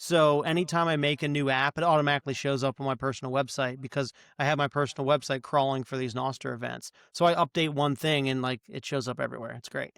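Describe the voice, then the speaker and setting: A man's voice: medium pitch, fairly even intonation, fast talker, gravelly, few pauses, fairly bright tone, clean tone, no room sound, clean studio sound. A middle-aged man co-hosting a podcast, chatting casually and enthusiastically about tech, often restarting his sentences. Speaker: podcast co-host.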